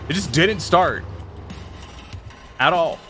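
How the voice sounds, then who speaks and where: A man's voice: fairly high pitch, animated, slow, sharp tone, faint music behind. A man streaming a game, telling rambling, profane work stories in casual chat. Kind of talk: casual chat while gaming.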